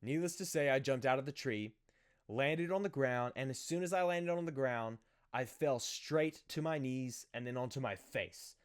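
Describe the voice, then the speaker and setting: A young man telling a childhood story in a casual, animated, self-mocking way, acting out the other people's voices. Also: mid-range voice, normal speed, clean tone. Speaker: vlogger.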